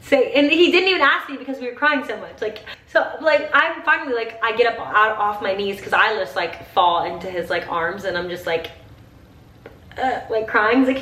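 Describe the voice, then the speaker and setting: A woman's voice: on the high side, lively intonation, moderate pace, fairly bright tone. Twenty-something girl gushing while getting ready, says like nonstop, bit teary, echoey room, mic kinda far. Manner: chatty, gushing, says "like" constantly. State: teary, crying at times. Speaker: vlogger. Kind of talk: get-ready-with-me chat.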